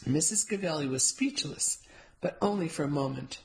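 A woman's voice: sits low, normal speed, low-quality recording. A woman giving wry, amused first-person audiobook narration.

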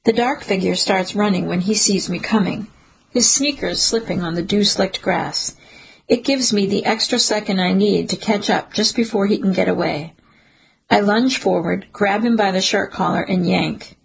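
A woman narrating a first-person suspense story in a steady, measured storytelling manner. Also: mid-range voice, gravelly, slightly rough, poor audio. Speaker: audiobook narrator.

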